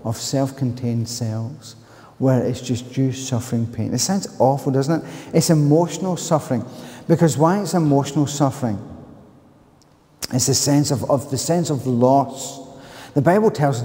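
A man with a Glaswegian accent preaching a sermon, telling a personal story in an animated way with loud, higher-pitched outbursts. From Scotland. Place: church. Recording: long reverb of a church hall.

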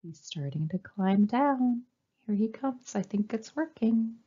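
A woman librarian reading a picture book aloud to young children, with an animated, coaxing sing-song delivery. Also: fairly high pitch, measured pace, muffled recording. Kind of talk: storytime read-aloud.

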